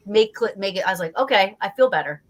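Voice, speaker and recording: A woman from New Jersey, a guest on a talk show, telling a story in a lively, casual way, acting out her own reactions and swearing freely. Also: medium pitch, quick pace. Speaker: guest investigator.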